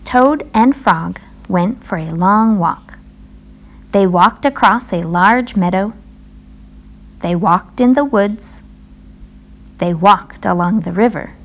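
Slow gravelly woman reading a storybook. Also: medium pitch. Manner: slow, even read-aloud delivery. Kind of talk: reading a children's storybook aloud.

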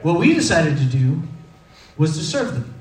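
Very animated and fairly high in pitch, he speaks at normal speed while telling sermon stories in a casual, joking, self-deprecating way. He's a man in his thirties from Texas, recorded from afar in an echoing room.

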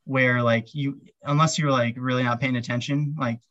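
A man's voice: mid-range voice, steady tone, normal speed, fairly bright tone, no echo, lo-fi sound. A man chatting casually as an interview guest, rambling with lots of "um" and "like" fillers. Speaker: podcast guest, ultrarunner.

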